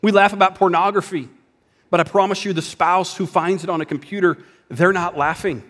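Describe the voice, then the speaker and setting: A man preaching a sermon in a conversational style, dropping at times to a hushed voice for emphasis. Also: high voice, fairly even intonation, brisk, long reverb tail. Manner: conversational preaching with dramatic drops to a whisper. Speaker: pastor.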